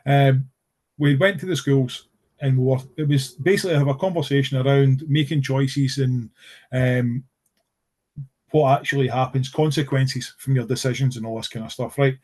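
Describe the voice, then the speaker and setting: A middle-aged Scottish man, a guest on a casual podcast, tells stories earnestly, rambling with plenty of fillers and restarts. His medium-pitched voice is a little mellow, with fairly even intonation and normal speed.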